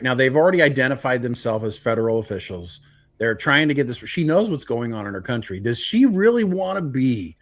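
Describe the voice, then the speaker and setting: Man, podcast co-host, heated, lecturing, lively pitch. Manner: heated, ranting, lectures listeners directly. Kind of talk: casual political chat.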